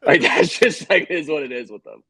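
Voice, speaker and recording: A man's voice: a little high, sing-song, a little fast, pushed and bright, husky, no room sound, poor audio. A man co-hosting a sports podcast, telling rambling, joking stories in casual chat. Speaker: podcast co-host.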